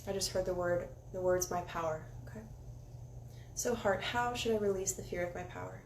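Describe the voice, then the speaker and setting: A woman giving a casual spiritual oracle card reading, candid and encouraging, sometimes dropping into soft meditation guidance. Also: fairly low pitch, normal speed, creaky. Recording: echoey room with faint ambient noise.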